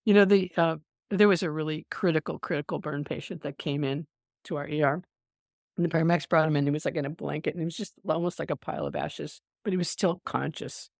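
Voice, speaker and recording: Older woman, gravelly voice, dry close mic, animated storyteller, podcast guest. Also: deep voice, quick pace, dry recording. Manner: animated storyteller, breaks into laughter, many restarts. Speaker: veteran emergency nurse, podcast guest. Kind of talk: casual storytelling interview.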